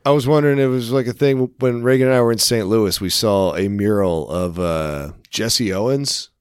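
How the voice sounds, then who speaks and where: Guy on a podcast rambling thru a story, swears a lot, kinda low voice, dry close sound. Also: moderate pace, smooth, dry recording. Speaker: podcast co-host. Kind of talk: casual chat.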